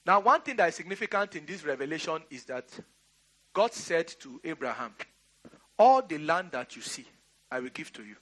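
A man's voice: a little high, big pitch swings, moderate pace, fairly bright tone. A middle-aged Nigerian man preaching a sermon, giving emphatic commands and laughing through a storytelling aside. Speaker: pastor. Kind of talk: sermon with personal anecdote.

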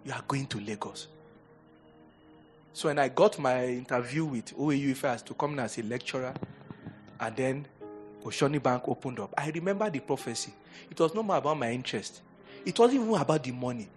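A middle-aged man with a Nigerian English accent preaching a sermon as pastor, moving between loud exhortation and quiet storytelling, laughing often. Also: mid-range voice, lively intonation, a little fast, soft background music.

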